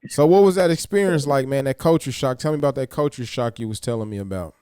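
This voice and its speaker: A man hosting a hip-hop podcast, loud and hyped, swearing a lot in casual talk. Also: medium pitch, fast talker, clean tone, no room sound, studio quality. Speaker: podcast host.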